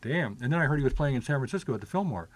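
An older man reminisces at a brisk, quick clip, piling up filler words and restarting his sentences. His voice sits at an ordinary middle pitch, and the talk is loose and conversational. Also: expressive, slight background noise. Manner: rambling, many filler "like"s and restarts. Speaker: guest. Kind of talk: casual storytelling chat.

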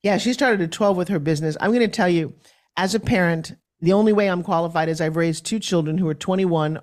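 A woman's voice: on the low side, darkish tone. A middle-aged woman, a podcast guest, telling parenting stories and acting out the voices of her children and others. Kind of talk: conversational storytelling.

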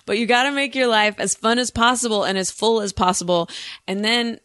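A woman's voice: a little high, steady tone, brisk, a bit bright, no echo. Teasing woman host, blunt and dry. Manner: teasing, blunt, laughs often. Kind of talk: casual comedic chat.

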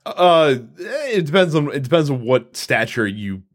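A man hosting a podcast in easy, casual chat. His pitch swings up and down a lot as he talks, and he keeps pausing on fillers and restarting his sentences. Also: very animated. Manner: chatty, lots of fillers and restarts. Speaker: podcast co-host.

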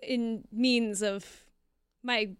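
A woman's voice: a little high, steady tone, extremely slow, clean tone, no echo, studio quality. A woman playing a tabletop game with friends, chatty and asking rambling questions. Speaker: player. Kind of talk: casual tabletop game chat.

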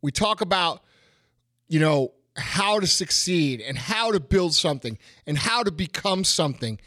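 A man's voice: on the high side, lively intonation, measured pace, fairly bright tone, no room sound, studio quality. A middle-aged man hosting a podcast, delivering a blunt, profane motivational rant with heavy repetition. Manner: blunt, emphatic, swearing, repeats phrases. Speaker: podcast host.

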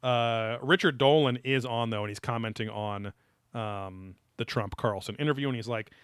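A man rambles through a casual podcast chat, full of fillers and offhand swearing. His voice is bright and forward. The sound is dry and close. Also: medium pitch, normal speed, clean tone, no room sound. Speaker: podcast co-host.

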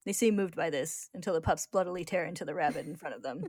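A lively woman host narrating an episode recap, quick to laugh. Her voice sits a little low and the recording is dry. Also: breathy edge, no echo.

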